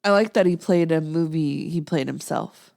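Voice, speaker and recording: A woman with a very low, gravelly voice hosts a casual movie chat. She mostly answers in short reactions and laughs easily between them. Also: normal speed, a little mellow, no echo, studio quality. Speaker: podcast host.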